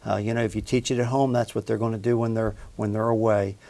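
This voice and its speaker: A man, a city utilities official, answering in a measured, earnest way with frequent pauses. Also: lowish voice, flat delivery, dark tone. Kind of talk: interview answers.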